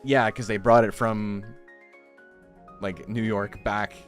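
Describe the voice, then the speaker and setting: A man's voice: on the low side, steady tone, slow pace, faint music behind. A young man chatting casually on a game stream, rambling with lots of fillers and frequent laughs. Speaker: streamer and game tournament host. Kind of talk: casual chat while streaming.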